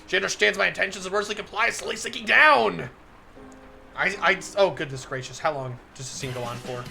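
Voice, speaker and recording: A man's voice: sits high, fairly quick, gravelly, music in the background. A man on a live stream reading a visual novel aloud, getting flustered, laughing often and breaking off to comment to his chat.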